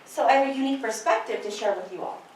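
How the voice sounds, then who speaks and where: A woman's voice: on the high side, racing, darkish tone, slight background noise. A middle-aged woman, a nurse, lecturing nurses in an impassioned, personal way. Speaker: nurse educator. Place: large lecture hall. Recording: very echoey hall, from far off.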